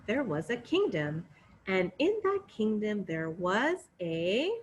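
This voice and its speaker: A woman telling a fairy tale to children, expressive and coaxing, inviting them to join in. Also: mid-range voice, slow pace, a little hiss or hum. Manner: expressive, coaxing, sing-song. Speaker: children's storyteller. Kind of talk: interactive read-aloud for children.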